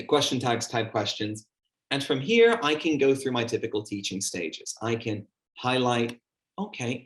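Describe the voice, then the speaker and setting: A man giving a teacher training workshop, speaking conversationally and acting out the questions he asks his class. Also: medium pitch. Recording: echoey room.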